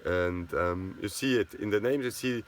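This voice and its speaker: A man's voice: on the low side, normal speed, slight background noise. A man with a Swiss German accent, a native Swiss German speaker from Switzerland, giving a rambling casual history talk with constant "yeah?" tag questions.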